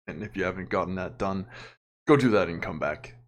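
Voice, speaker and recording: Low-voiced man hosting casual commentary. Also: brisk. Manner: chuckling, offhand, opinionated. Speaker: commentary channel host.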